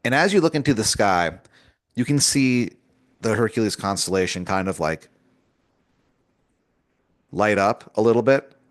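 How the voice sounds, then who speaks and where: Rambling improv storyteller, lower-voiced man. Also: lively intonation, measured pace, pauses often, no echo, studio quality. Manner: loose and rambling, lots of fillers.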